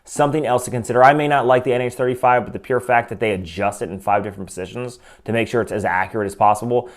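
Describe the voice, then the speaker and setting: A man's voice: medium pitch, steady tone, racing. A man giving a casual, opinionated watch review, talking conversationally with frequent asides. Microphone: desk microphone.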